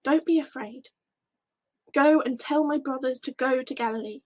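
A kind, comforting Jesus speaks softly to a trembling follower in a spoken Bible story. A woman voices him in her high, breathy tone. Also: moderate pace. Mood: gentle. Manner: gentle, comforting. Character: risen Jesus, a gentle man comforting a follower.

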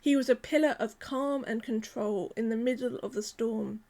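A woman, preaching a sermon in a gentle, measured, earnest way. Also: a little high.

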